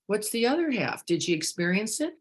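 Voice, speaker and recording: A woman meditation teacher giving a reflective dharma talk, asking many questions and moving between hushed and emphatic moments. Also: mid-range voice, sing-song, a little fast, slightly rough. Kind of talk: reflective dharma talk, reading participant comments.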